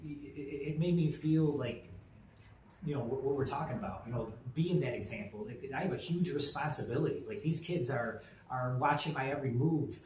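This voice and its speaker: A man's voice: medium pitch, brisk, darkish tone. A man in his forties tells a personal story on a podcast in a mid-range voice. He rambles, doubling back with fillers and restarts. The room is echoey, with a faint ambient hiss underneath. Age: 40s. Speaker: podcast co-host. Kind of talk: casual chat. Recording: roomy echo with faint ambient noise.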